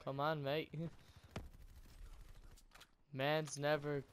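A man's voice: a little high, monotone, drawn-out words, slight background noise. A man doing a cursing bloke in a put-on British accent. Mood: teasing. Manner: mock-posh, cursing, exclamatory. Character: cheeky young British bloke, quick to curse. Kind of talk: gameplay voice impression.

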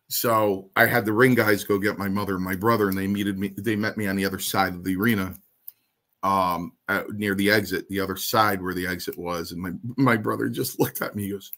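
A man telling stories from his wrestling career in an interview, animated and blunt, with salty language. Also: sits low, brisk. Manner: animated, acts out the people in his story. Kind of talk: casual anecdotal storytelling.

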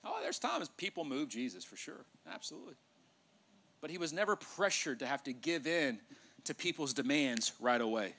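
A male pastor preaching a sermon in a church, animated, joking with the congregation and acting out dialogue. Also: fairly high pitch, normal speed, a little hiss or hum. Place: church sanctuary.

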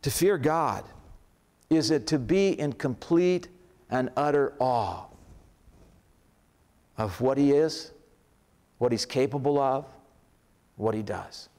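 A man's voice: mid-range voice, takes it slowly, long pauses, a little mellow. A male pastor giving a conversational sermon in a church, building up emphatic lists. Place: church sanctuary.

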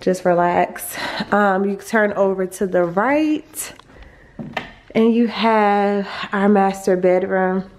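Speaking slowly in a mid-range, slightly mellow voice, a young woman shows off her family's new empty house in a phone-shot home tour vlog. She's chatty and gushing, packs in fillers, and gets a little breathless moving between rooms.

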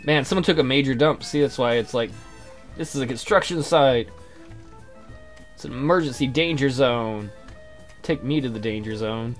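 A man's voice: mid-range voice, normal speed, long pauses, faint music behind. A man giving casual, joking and crude commentary while playing a game. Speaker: let's play host.

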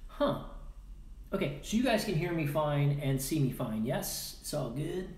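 His voice is a little high, with big pitch swings and a slightly slow delivery, as he hosts a casual live stream. Chatty and playful, he mutters to himself over his audio editing, alternating loud bursts with hushed asides. Faint noise and a roomy echo fill the recording.

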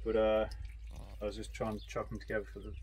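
A man's voice: on the low side, completely flat delivery, fast. An Irish man from West Cork with a West Cork accent, chatting in a dry, teasing, laid-back way while helping out in a garden. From West Cork, Ireland. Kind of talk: casual chat. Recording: noisy outdoor recording.

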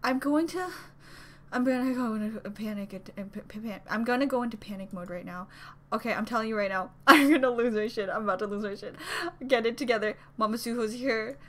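Young woman fangirling on a reaction vid, really high voice, flustered, swears a lot. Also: fast. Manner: gushing, flustered, talks to herself; swears casually. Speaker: YouTube reactor. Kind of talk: excited reaction vlog.

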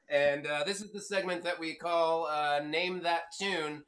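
Bright, jokey male co-host. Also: fairly high pitch, takes it slowly. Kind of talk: game show hosting.

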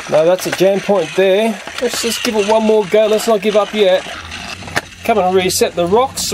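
A man's voice: sits high, noisy background. A middle-aged man reviewing a toy on camera in a casual, chatty way, talking to his viewers and coaxing the toy along with frequent chuckles. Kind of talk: casual hands-on toy demonstration.

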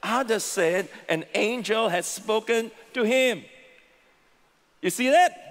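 A man's voice: sits high, slow, a bit bright. A male pastor preaching a sermon, leading the congregation to repeat lines after him. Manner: preaching, leads congregation in call-and-response. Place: large church auditorium. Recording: long hall reverb, church sanctuary.

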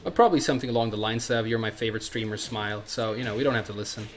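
A man's voice: medium pitch, soft background music. A man with a cold, casually commentating his gameplay on stream, swearing and trash-talking as he plays. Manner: profane, trash-talking, quick asides. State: congested from a cold. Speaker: game streamer.

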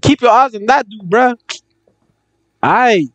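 A man's voice: very high-pitched, takes it slowly, no room sound, lo-fi sound. A young man commentating a horror game playthrough, chatting in slang and yelping when startled. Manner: excitable slangy chatter, jumpy yelps. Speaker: gaming YouTuber.

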